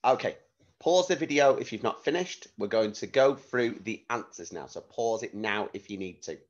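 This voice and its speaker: A man teaching a phonics lesson to young children, spelling words out letter by letter in a clear, slow dictation manner. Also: lowish voice, expressive, lo-fi sound. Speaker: primary school teacher.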